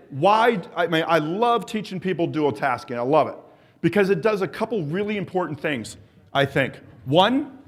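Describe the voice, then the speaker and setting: A middle-aged man presenting at a symposium, leading the audience through an exercise drill, coaxing them along and calling out countdowns with enthusiasm. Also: on the high side. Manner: enthusiastic, encouraging, coaxes the audience; calls out countdowns and cues to the group.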